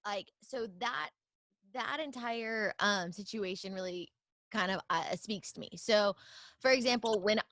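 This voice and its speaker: A woman's voice: medium pitch, unhurried, fairly bright tone, no echo. A woman co-hosting an interview, talking in a confessional, rambling way with lots of fillers. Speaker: podcast co-host. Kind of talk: casual interview chat.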